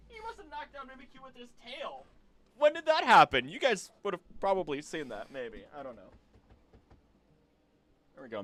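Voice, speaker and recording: Male streamer, animated chatty play-by-play with a swooping voice and quick outbursts. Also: fairly high pitch. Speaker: game streamer. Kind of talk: live gameplay commentary to chat. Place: home, seated at a computer.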